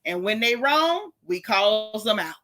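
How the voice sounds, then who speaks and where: A woman hosting a live stream, chatting casually and greeting viewers by name with lively, swooping pitch. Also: unhurried.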